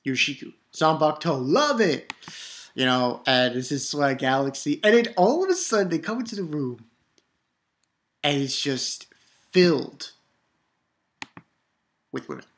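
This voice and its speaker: A woman giving a casual, excitable manga review, laughing often and acting out lines. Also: very deep voice, unhurried, pauses often.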